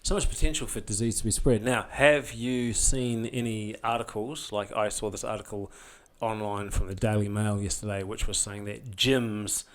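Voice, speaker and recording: A man co-hosting a podcast, chatting bluntly with swearing and quick asides. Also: on the low side, steady tone. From Australia. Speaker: podcast co-host. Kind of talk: casual chat.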